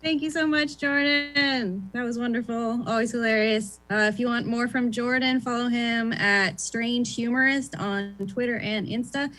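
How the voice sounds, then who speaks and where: A woman's voice: a little high, steady tone, moderate pace, few pauses, a bit bright. Upbeat woman hosting a comedy show. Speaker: show host. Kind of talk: introducing comedians.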